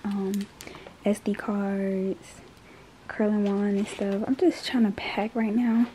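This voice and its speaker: A woman's voice: medium pitch, flat delivery, slow. A woman in her late teens talking casually to her phone camera in a vlog, chatty and often dropping to a whisper. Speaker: vlogger. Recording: noisy phone recording.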